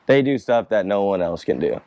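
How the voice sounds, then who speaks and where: A young man with a lowish voice talks through fan questions in a relaxed, rambling way, peppering his speech with swearing and frequent laughter. The sound is close and dry, with little room around it. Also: fairly quick, no echo. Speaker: skateboarder answering fan questions. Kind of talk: casual chat.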